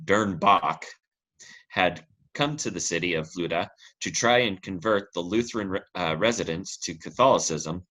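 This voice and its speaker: A man's voice: fairly low pitch, pushed and bright, low-quality recording. A man hosting a podcast, telling a history story in a jokey, casual way and laughing often between lines. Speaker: podcast host.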